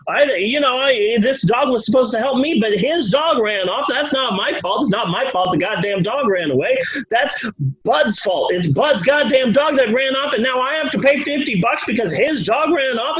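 A man puts on a drunk barfly working himself into a rage. The voice climbs high and loud, with lots of swearing. His pitch swings wildly from line to line. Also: dull audio. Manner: slurring profane rant, rising to shouts. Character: drunk angry man ranting at a bar.

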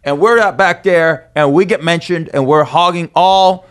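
A man telling a rowdy story in a casual podcast chat, animated and swaggering, acting out the people he describes. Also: a little high, moderate pace. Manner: animated, swaggering storyteller who acts out the people in his stories. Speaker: podcast co-host.

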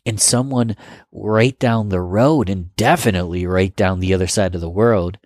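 A man's voice: sits low, normal speed, a little mellow, no room sound, studio quality. A man from Rochester, New York, with a Western New York accent, musing aloud in a casual monologue and putting questions to the listener. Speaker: vlogger.

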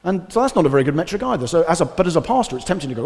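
A male pastor giving a conversational, animated sermon with casual asides. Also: on the high side, racing, vocal fry. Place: church hall. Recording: reverberant church hall.

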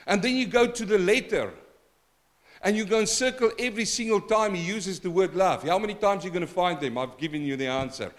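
A man preaching a sermon as pastor, swinging from quiet stretches to loud emphatic swells and calling on the congregation. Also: sits high, fairly quick. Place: church.

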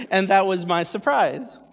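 Animated man preaching in an echoey hall. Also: sits high, creaky. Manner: animated, swinging from hushed asides to loud excited bursts. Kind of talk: sermon storytelling. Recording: echoey hall, dull sound.

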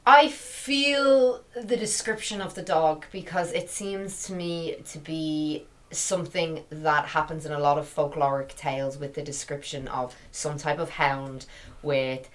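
A woman with a very low voice, reflecting thoughtfully in a casual discussion. She speaks at an easy, conversational pace. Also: steady tone, measured pace.

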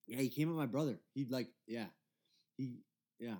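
A young man in his twenties co-hosts a casual podcast chat. He tells his side of a story in an animated way, laughing often and swearing freely. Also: mid-range voice, normal speed. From Michigan. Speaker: podcast co-host.

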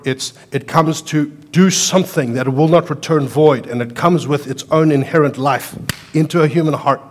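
Man preaching with loud bursts. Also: medium pitch. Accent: foreign to American listeners. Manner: animated preaching with sudden loud outbursts and quiet storytelling. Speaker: pastor. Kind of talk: sermon.

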